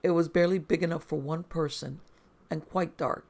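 A narrator reading first-person horror stories aloud in a steady, measured way, as scripted storytelling. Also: medium pitch, vocal fry.

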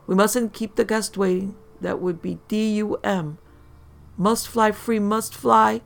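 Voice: medium pitch, fairly even intonation, takes it slowly, gravelly, pitched above the performer's own voice. A storyteller voicing a drunk, panicky middle-aged woman who mutters frantically. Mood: dazed.

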